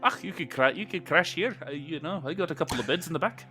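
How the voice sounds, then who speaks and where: A man plays a rambling old bartender, his voice pushed high and loud. He grumbles and calls everyone love. The sound is bright and forceful. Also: quick pace, faint music behind. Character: old male pub owner, gruff, chatty, scornful.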